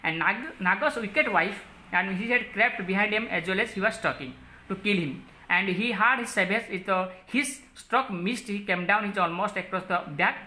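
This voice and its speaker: Woman teacher, Odia English accent, crisp bright tone, halting, lots of fillers while listing word meanings. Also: mid-range voice, slight background noise. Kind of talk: classroom lesson explaining a story.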